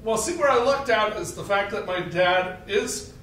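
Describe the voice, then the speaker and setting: A man in his forties from Arkansas, telling a personal story on stage in an animated way, laughing at his own tale. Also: sits high, moderate pace, slight background noise. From Arkansas, USA. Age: 40s. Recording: echoey hall, mic at a distance.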